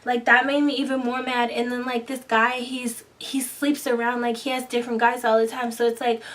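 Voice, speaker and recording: A woman's voice: on the high side, a little fast, distant mic. A woman telling a personal story in a casual vlog, quoting herself and others as she goes. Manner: animated, quotes herself and others in dialogue. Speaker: vlogger.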